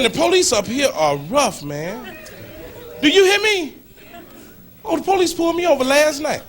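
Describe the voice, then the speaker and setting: A man performing a stand-up comedy set on a club stage, shouting his punchlines and acting out the people in his stories. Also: high-pitched. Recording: live club recording, loud crowd and noise. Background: loud audience laughter.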